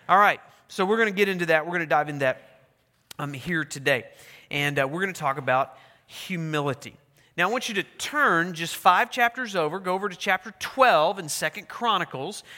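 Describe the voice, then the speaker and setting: A man preaching a sermon as pastor, animated and asking his congregation questions. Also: high-pitched. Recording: long hall reverb.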